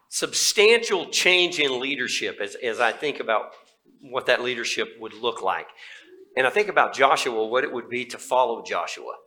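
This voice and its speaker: A middle-aged man preaches from the pulpit with a bright, forward tone at a medium pitch. He talks to his congregation in a folksy, conversational way, full of asides and fillers. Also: low-quality recording. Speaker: pastor. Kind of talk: sermon.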